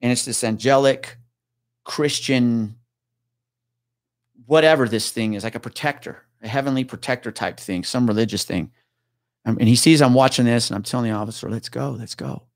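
A man's voice: medium pitch, normal speed, pauses often, no echo, studio quality. Man swapping blunt police stories. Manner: swears freely, acts out others' words. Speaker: podcast guest, retired police officer. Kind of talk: casual storytelling.

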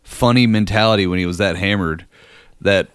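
A man's voice: lowish voice, moderate pace, a bit bright, clear, resonant tone, no room sound, studio quality. A young man telling a profane party story in casual chat, full of fillers like "like.".

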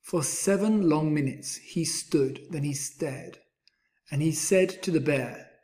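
A man's voice: a little high, takes it slowly, darkish tone. A man reading a children's rhyming story aloud in a rhythmic storybook delivery.

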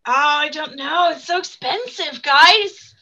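A woman's voice: high-pitched, unhurried, bright, forceful tone, muffled recording. A woman chatting as a podcast guest, bubbly and self-mocking, laughing often. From non-native speaker living in England. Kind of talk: casual chat.

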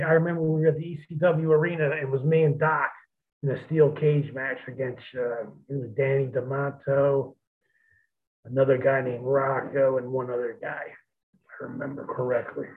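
A man's voice: medium pitch, fairly even intonation, normal speed. A man, a former pro wrestler, telling blunt, profane anecdotes in a rambling, casual way. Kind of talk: casual storytelling. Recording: tinny phone-like line.

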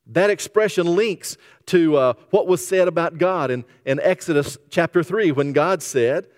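A man preaching a sermon as pastor, telling stories and dropping to a hushed voice when he quotes. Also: a little high, unhurried. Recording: reverberant hall.

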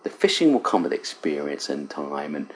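Deep-voiced Englishman telling a lively story. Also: normal speed, slight background noise. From England. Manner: animated, self-deprecating storyteller. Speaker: fly casting instructor, guest. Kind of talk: casual storytelling interview. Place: riverside cabin.

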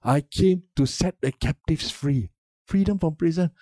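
Older male pastor, emphatic sermon delivery with call-and-response, slightly high voice, dry close sound. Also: measured pace, warm tone, dry recording.

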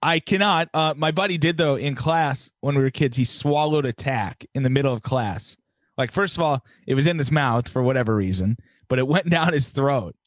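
A man's voice: medium pitch, moderate pace, no room sound, clean studio sound. Laid-back man in casual chat. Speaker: podcast co-host.

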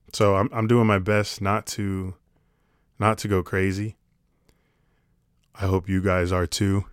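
A man's voice: sits low, level tone, takes it slowly, pauses often, dry recording, studio quality. A man talking to camera in a casual comedic monologue, sarcastic and rambling, swearing casually. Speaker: vlogger.

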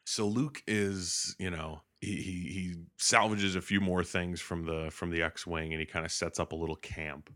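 A man's voice: low voice, moderate pace, hardly any pauses. A man hosting a podcast, animatedly recapping a film with swearing and laughter, slipping in voices. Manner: animated, profane, laughing storyteller. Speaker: podcast host.

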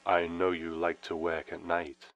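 The warm, solemn voice of a departed male friend on the phone, read by a man. It is deep and dry, wry in tone. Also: completely flat delivery, unhurried, dry recording, highs cut off. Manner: solemn, wry, with sudden brightening.

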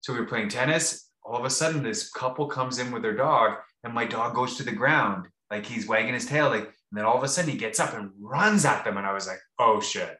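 A man's voice: medium pitch, fairly quick, hardly any pauses, bright, forceful tone. A man co-hosting a podcast, telling a rambling, casual story with many restarts and fillers. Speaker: podcast co-host. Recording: roomy echo.

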